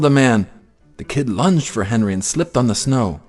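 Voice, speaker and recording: Animated man reading a storybook. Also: mid-range voice, moderate pace, husky, faint music behind. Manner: expressive, sing-song storytelling with animated swoops. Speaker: picture-book reader. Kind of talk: reading a children's storybook aloud.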